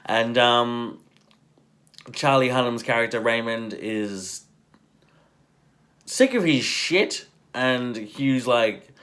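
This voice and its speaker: A man hosts a relaxed film review, chatty and keen. He talks slowly, with frequent halting pauses, at a middle pitch. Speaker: movie reviewer host. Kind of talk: casual video review.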